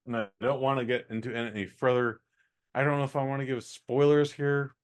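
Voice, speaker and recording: A man's voice: mid-range voice, fairly even intonation, a little fast. A man co-hosting a podcast, giving a rambling, profane, exasperated movie review in casual chat.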